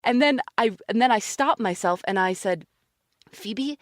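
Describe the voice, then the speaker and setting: A woman's voice: medium pitch, normal speed, no room sound, studio quality. A woman who hosts a podcast, telling a self-mocking anecdote about recording narration. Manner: animated, self-mocking storytelling. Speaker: podcast host.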